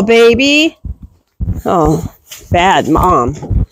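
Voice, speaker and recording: A woman's voice: on the high side, lively intonation, slow, a little hiss or hum, poor audio. A woman goat farmer vlogging casually while doing barn chores, talking fondly to her goats and scolding them.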